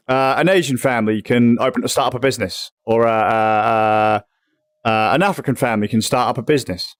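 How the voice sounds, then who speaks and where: A man's voice: medium pitch, no echo. Young english guy ranting on stream, swears a lot, dry close sound. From England. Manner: rambling, swears casually, animated rant. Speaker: livestream host. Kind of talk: casual chat.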